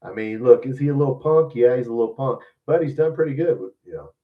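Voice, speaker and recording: Animated and quick, a man at medium pitch hosts a podcast from Louisiana, ranting casually about sports. His rambling opinions are blunt and profane, captured far from the mic in phone-quality sound.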